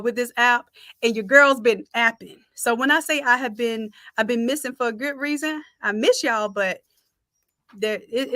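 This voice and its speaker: A woman's voice: on the high side, bright, forceful tone, no room sound, clean studio sound. A woman giving a live-streamed design tutorial, chatting with viewers and calling them y'all. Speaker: design instructor.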